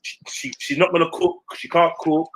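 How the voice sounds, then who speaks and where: A man, telling a story in casual chat, animated and slangy, swearing freely and acting out what others said. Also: on the high side, moderate pace, noisy background. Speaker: stream panelist.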